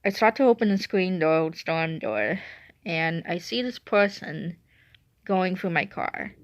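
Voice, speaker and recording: A woman's voice: fairly low pitch, animated, a little slow, dry recording. Rambling young woman telling a story. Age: 20s. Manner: rambling, self-correcting storyteller. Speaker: vlogger. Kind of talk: casual storytime. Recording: dry, dull lo-fi recording.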